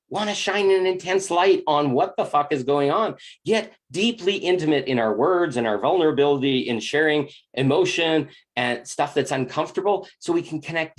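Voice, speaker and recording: A man giving a confessional monologue about relationships. He speaks intensely and bluntly, swears freely, and sounds earnest and emotionally open. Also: on the high side. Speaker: spiritual relationship coach.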